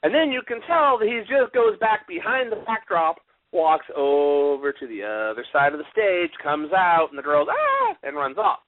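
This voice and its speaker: Male radio co-host, animated raconteur, somewhat high voice, dry tinny lo-fi recording. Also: normal speed, no echo. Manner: animated, vivid storytelling. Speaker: podcast co-host. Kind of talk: casual wrestling talk. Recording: tinny phone-like radio audio.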